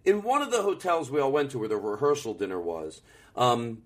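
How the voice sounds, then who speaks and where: A man's voice: mid-range voice, sing-song, a little fast. A man co-hosting a podcast, telling rambling, profane comedic stories in casual chat from a hotel room. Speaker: podcast co-host.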